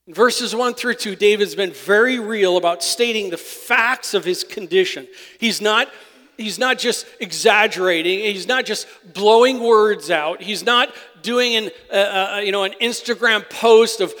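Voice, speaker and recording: A man preaching a sermon as pastor, emphatic, swinging between loud peaks and soft asides. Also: sits high, measured pace. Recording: long hall reverb.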